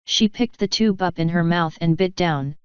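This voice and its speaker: A woman reading fanfiction aloud in steady audiobook narration; dull lo-fi recording. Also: on the low side, normal speed, clear, resonant tone, no echo. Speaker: fanfiction reader.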